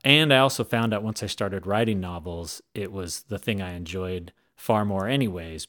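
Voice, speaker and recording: A man being interviewed as an author, telling stories casually in a rambling, animated way with frequent restarts. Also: on the low side. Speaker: author guest.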